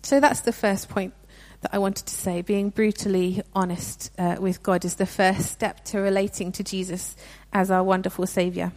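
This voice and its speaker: A woman's voice: medium pitch, level tone, moderate pace, few pauses, a little mellow. A young woman giving a sermon in a conversational, earnest way, with frequent restarts. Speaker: preacher.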